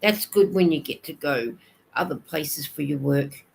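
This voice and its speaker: A woman's voice: sits low, unhurried, creaky, darkish tone, slight background noise, poor audio. An Australian woman chatting casually on a live stream, reading viewers' comments aloud and answering them as she goes.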